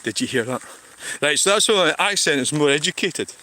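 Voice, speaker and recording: A man's voice: on the high side, expressive, fairly quick, pushed and bright, slight background noise. A Scottish man casually chatting on a livestream and reading out comments, rambling and blunt, with plenty of swearing. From Scotland. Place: outdoors in the countryside.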